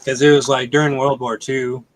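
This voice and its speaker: A man's voice: mid-range voice, flat delivery, normal speed, rough recording. A man chatting casually as a guest on a livestream, telling a family anecdote in an easygoing way. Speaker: guest on the stream.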